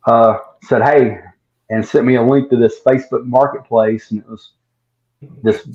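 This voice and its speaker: A man's voice: mid-range voice, steady tone, normal speed, darkish tone. A man with a drawl spins a long, rambling story in casual conversation. His voice sits mid-range and comes through a dull, lo-fi recording. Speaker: guest distiller. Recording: dull lo-fi sound.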